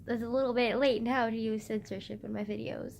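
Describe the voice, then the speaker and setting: Squeaky-voiced woman, sick and a bit husky. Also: fairly even intonation, moderate pace, a little hiss or hum. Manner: loud, giggly, swears a lot, self-mocking. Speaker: vlogger. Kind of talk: rambling casual chat to camera. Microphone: phone front camera.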